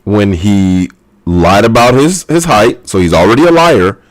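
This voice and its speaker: Deep-voiced man co-host, dry sound. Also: lively intonation, unhurried, no room sound. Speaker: podcast co-host. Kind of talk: casual chat.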